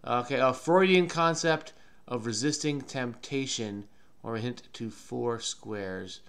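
A man hosting his own channel, thinking aloud as he solves a crossword in a calm, musing way that often trails off unsure. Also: medium pitch, smooth. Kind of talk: thinking aloud while solving a puzzle.

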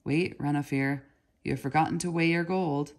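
A woman voicing a deep, gentle old goldsmith. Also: steady tone, normal speed, close to an everyday voice. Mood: grave. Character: kindly, weary older male goldsmith.

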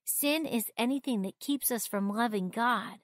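An anxious young girl from a children's storybook, as a woman reader plays her, close to tears. Her voice rides somewhat high. The sound is dry and close. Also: unhurried, no echo, natural voice. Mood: earnest. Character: fretful young girl, the sister's friend.

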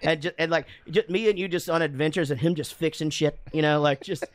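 A man's voice: fairly high pitch, steady tone, a little fast, no room sound. A man hosting a podcast in casual, rambling chat, swearing often and laughing a lot. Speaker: podcast host. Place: studio room with guests.

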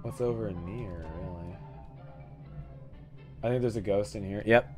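A man's voice: on the low side, unhurried, soft background music. A man hosting a let's-play, giving casual, profane, joking commentary and talking to his viewers as he plays. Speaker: gaming channel host.

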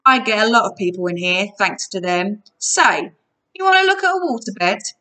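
A woman's voice: medium pitch, lively intonation, moderate pace, bright, forceful tone. A woman voicing a pushy, boastful male giant waterbed salesman in a storybook reading, with a wheedling sales patter.

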